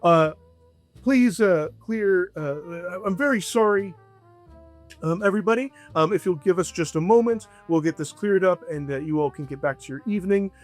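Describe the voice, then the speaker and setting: A man's voice: sits high, normal speed, faint music behind, pitched above the performer's own voice, lightly acted. A man voicing a flustered, apologetic young waiter who speaks hesitantly.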